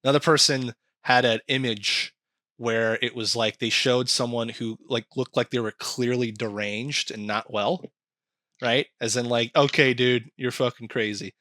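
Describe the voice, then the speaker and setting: A man chatting casually on a podcast, animated and swearing often as he acts out quoted comments. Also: mid-range voice, unhurried, dry recording, clean studio sound. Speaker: podcast co-host.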